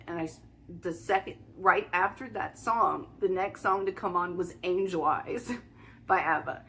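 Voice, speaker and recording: A woman's voice: on the low side, fairly bright tone, a little hiss or hum. A young woman vlogger telling a personal spiritual story in a casual, emphatic way, full of restarts and fillers.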